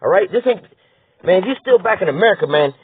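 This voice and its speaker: Brief: blunt, profane male commentator with a husky voice, recorded dry on thin phone-like audio. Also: sits high, animated, fast talker, no room sound. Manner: blunt, profane, rhetorical, repeats "all right?". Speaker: political commentator. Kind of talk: heated profane commentary reading news aloud. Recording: tinny phone-like dry sound.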